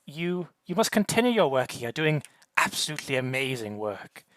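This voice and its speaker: A man's voice: medium pitch, very animated, moderate pace, a bit bright, no room sound. A man voicing a flamboyant, very tall and thin male schemer who gushes with praise. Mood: gushing.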